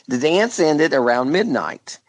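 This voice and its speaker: A man hosting a podcast, telling a true crime case in a casual, jokey way with frequent laughs and halting restarts. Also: on the high side, big pitch swings, dry recording. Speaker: podcast host.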